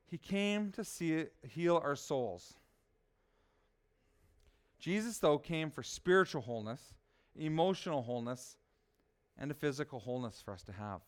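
A man preaching a sermon as pastor, asking his listeners rhetorical questions and swinging from soft to loud. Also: fairly high pitch, lively intonation, measured pace, pauses often.

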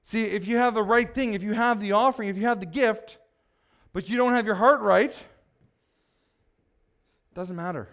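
High-voiced man preaching a sermon. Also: unhurried, long pauses, fairly bright tone. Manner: emphatic, asks the congregation questions. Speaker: pastor.

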